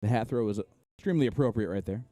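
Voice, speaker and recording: Man calling darts, mellow and dry. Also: mid-range voice, very fast, no room sound. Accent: Indiana. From Indiana. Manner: analytical, casual play-by-play. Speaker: darts commentator. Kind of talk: live sports commentary.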